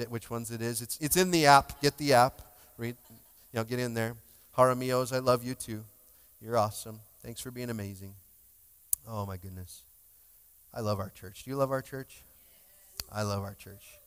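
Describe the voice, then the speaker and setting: Long hall reverb surrounds a male pastor's clear, resonant mid-range voice as he preaches in a church sanctuary. He speaks in a conversational, emotional way and jokes with the people listening.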